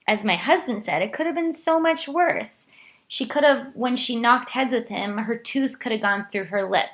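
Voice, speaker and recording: A woman's voice: mid-range voice, sharp tone. A woman in her thirties hosting a podcast, telling a personal parenting story in an emotional, confessional way. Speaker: podcast host. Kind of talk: personal monologue.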